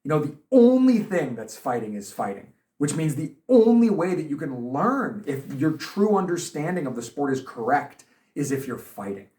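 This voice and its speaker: A man's voice: fairly high pitch, normal speed, recorded from a distance. Man in his thirties, echoey and off-mic. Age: 30s. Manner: lively storyteller, chatty with frequent fillers. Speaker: boxing coach, guest. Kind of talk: casual podcast conversation.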